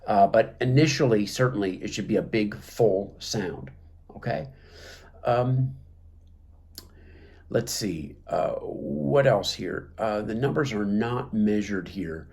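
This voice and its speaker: Low-voiced guy explaining clarinet stuff, lots of ums and restarts. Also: lively intonation, takes it slowly, gravelly, a little mellow. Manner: hesitant, many fillers and restarts. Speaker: clarinet teacher. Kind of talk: instructional talk.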